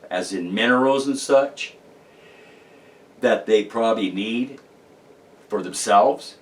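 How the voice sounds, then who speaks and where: A man's voice: fairly low pitch, recorded from a distance. A man talking casually about his paranormal research, rambling and emphatic, with many restarts and fillers. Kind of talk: casual monologue to camera.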